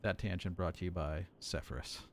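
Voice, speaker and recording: A man's voice: sits low, steady tone, moderate pace, creaky. A man in his late thirties, an air traffic controller, chatting casually on a live stream and explaining things through repeated examples. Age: 30s.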